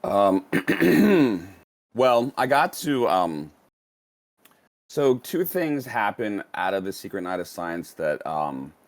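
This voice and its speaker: A man's voice: lowish voice, very animated, slow. A man being interviewed as a guest, telling a long story casually, with many fillers and restarts. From United States.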